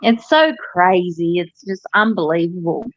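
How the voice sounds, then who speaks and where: A woman, a hairdresser chatting casually and telling animated stories, with plenty of swearing. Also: on the low side, a little slow, lo-fi sound. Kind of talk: casual chat.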